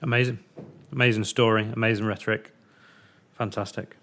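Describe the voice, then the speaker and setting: A man's voice: on the low side, flat delivery, brisk, a bit bright. Enthusiastic male podcast host. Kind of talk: conversational interviewing.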